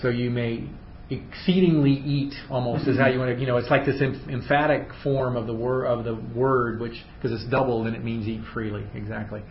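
A man leads a Bible study, reading scripture aloud and then explaining it in loose, chatty asides, his fairly even voice moving a little fast. The recording sounds roomy and dull, with a faint rumble.

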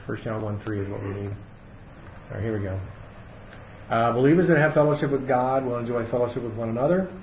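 A man's voice: fairly low pitch, creaky. A man leads a casual Bible study, walking through the text as he explains it and thinking aloud with plenty of fillers and restarts. His voice carries around an echoey room, and the sound is dull and slightly muffled, with a faint hiss underneath.

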